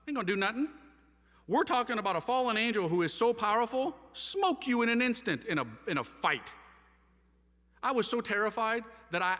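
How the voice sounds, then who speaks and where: Man with a fairly high voice, passionate testimony speaker, slangy and animated, reverberant hall. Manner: animated, slangy storytelling with wide swings of loudness. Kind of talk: impassioned testimony talk to a live audience.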